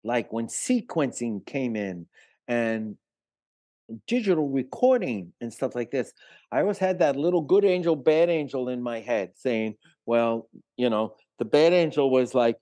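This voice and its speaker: A man's voice: medium pitch, animated, a little slow, mellow, no echo. An older man, a retired musician, telling long stories in a casual interview, with many fillers and restarts. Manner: rambling, filler-heavy anecdotes.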